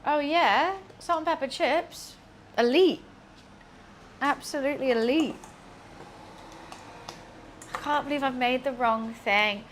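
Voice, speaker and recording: Chatty and self-deprecating, a young British streamer rambles with fillers and laughs at herself as she cooks in her home kitchen. Her high voice moves at a slow pace with long pauses, and slight background noise can be heard.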